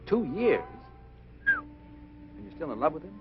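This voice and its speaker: An actor playing a breezy middle-aged American dancer who talks in a light, wisecracking way. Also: male voice, on the high side, wildly swooping pitch, slow pace, exaggerated voice. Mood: teasing. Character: breezy American male dancer, flirtatious wit. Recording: dull old film soundtrack with music.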